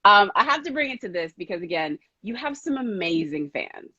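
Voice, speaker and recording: A woman's voice: medium pitch, very animated, brisk, pushed and bright, husky, no room sound. A woman hosting an interview, enthusiastic and gushing like a fan, with casual slang. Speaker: interviewer host. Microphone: video call. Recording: dry lo-fi livestream audio.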